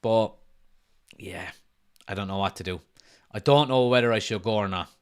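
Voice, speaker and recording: A man's voice: on the low side, moderate pace, clear, resonant tone. Casting: man in his 30s, laid-back football stream host, chatty, reads comments aloud, laughs easily. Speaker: football watch-along host. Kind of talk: casual live-stream chat. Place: front room at home.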